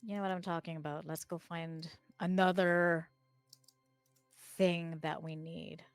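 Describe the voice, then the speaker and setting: Blunt low-voiced woman playing a tabletop game. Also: steady tone, a little slow, clear, resonant tone, no room sound, faint music behind. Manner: blunt and pushy. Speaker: player. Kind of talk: in-character tabletop play.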